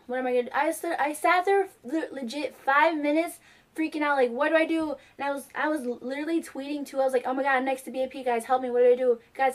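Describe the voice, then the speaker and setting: Excitable young woman, high voice. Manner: excitable, heavy use of "like". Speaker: fan vlogger. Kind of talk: casual storytelling.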